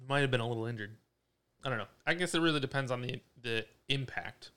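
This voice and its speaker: A man's voice: medium pitch, fast, fairly bright tone, smooth. A young man co-hosting a podcast, telling a driving story in casual, profane chat. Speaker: podcast co-host.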